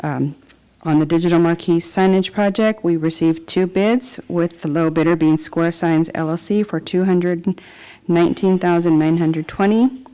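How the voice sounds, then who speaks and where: A woman's voice: lowish voice, steady tone, moderate pace, warm tone, clear, resonant tone, low-quality recording. A woman presenting a report to a city council, reading figures and lists steadily with the odd filler. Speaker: city department director. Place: council chamber.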